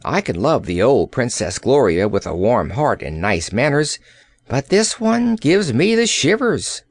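A man's voice: medium pitch, sing-song, measured pace, no room sound. A man voicing a frank, plucky little girl who speaks earnestly and bluntly. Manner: earnest, pleading, outspoken.

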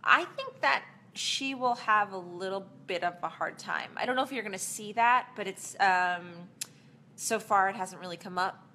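An actress casually answering fan questions in a live Q&A, chatty and rambling, with plenty of fillers and small laughs. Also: female voice, mid-range voice, normal speed, bright, forceful tone, a little hiss or hum.

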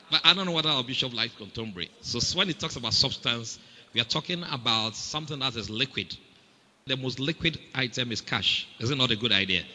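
A man delivers a sermon in a Ghanaian English accent, his tone very bright and piercing. He banters with the congregation and keeps drawing responses from them. His voice rings with the long reverb of a large hall. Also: mid-range voice. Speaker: preacher.

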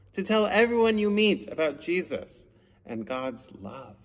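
Man telling a children's sermon in church. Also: high-pitched. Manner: animated storytelling with shouted quotes. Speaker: pastor. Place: church sanctuary. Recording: long church reverb.

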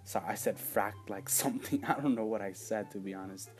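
A young-sounding man hosts his own gaming channel, chatting loosely over his play. He rambles, trips over words, then bursts into loud yelps before dropping back to a low mutter. Soft music plays faintly beneath him. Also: fairly quick, husky. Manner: rambling, excitable, with sudden loud outbursts and quiet asides. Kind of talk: casual let's-play commentary.

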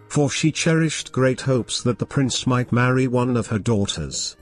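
A man narrates a fairy tale as a bedtime story, reading calmly, gently and steadily. His voice sits at a plain middle pitch. Faint music plays quietly underneath. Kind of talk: scripted narration.

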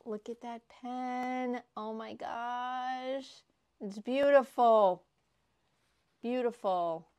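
A woman crafting vlogger unboxing prizes she won, gushing and excitable, often repeating herself. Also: fairly high pitch, drawn-out words, clear, resonant tone, no room sound. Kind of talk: casual unboxing vlog.

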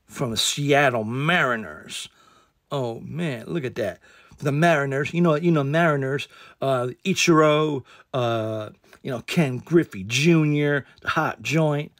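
A man's voice: medium pitch, no echo, clean studio sound. A man hosting a casual card unboxing, rambling with lots of fillers and repeated exclamations.

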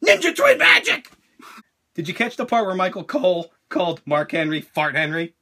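Excitable, profane male host, very bright and sharp, high voice. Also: normal speed. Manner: excitable, profane, laughing often. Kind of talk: casual chat.

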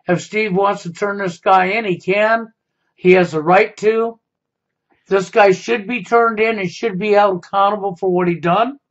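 Man, high voice, accusatory monologue, dull lo-fi recording. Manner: confrontational, repeats "okay?". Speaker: YouTube commentator. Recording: dull lo-fi sound.

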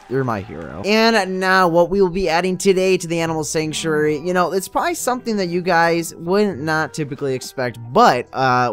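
Young man chatting over his Minecraft build. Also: fairly high pitch. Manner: chatty, upbeat, talks straight to viewers. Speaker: Minecraft YouTuber. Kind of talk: casual gameplay commentary.

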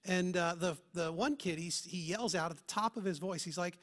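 A man preaches a sermon in church, his high, bright voice moving at a moderate pace. As pastor, he presses his points with earnest rhetorical questions.

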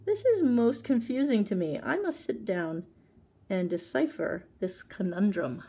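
A woman voicing a sly, fussy male jackal who pretends to be confused, with squealing, drawn-out exclamations. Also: mid-range voice, animated, mellow, husky. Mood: puzzled.

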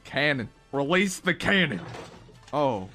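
Excitable young guy ranking game emotes. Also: fairly high pitch, slow pace, soft background music. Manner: excitable, animated, slangy. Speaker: gaming content creator. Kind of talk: casual reaction commentary.

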